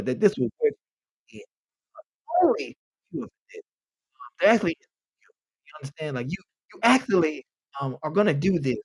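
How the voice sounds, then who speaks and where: A man's voice: a little high, dry recording, rough recording. A man hosting a comic advice bit, handing out blunt, profane mock-doctor diagnoses. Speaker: podcast host. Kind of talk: comic advice bit reading messages aloud.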